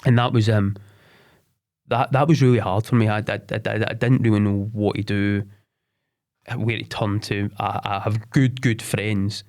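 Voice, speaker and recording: Halting man in his forties. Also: on the low side, steady tone, a little mellow. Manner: halting, repeats words and restarts often. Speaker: podcast guest. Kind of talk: candid personal storytelling.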